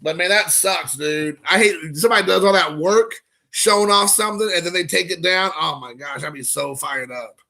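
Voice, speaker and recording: A man hosting a card collecting live stream, chatting casually and excitably with viewers, rambling and addressing them by name. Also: fairly high pitch, moderate pace, creaky. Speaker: card collecting channel host.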